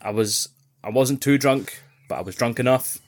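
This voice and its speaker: A man telling a lively story in casual podcast chat, swearing freely and acting out other people's shouts. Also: mid-range voice, normal speed. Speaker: podcast co-host.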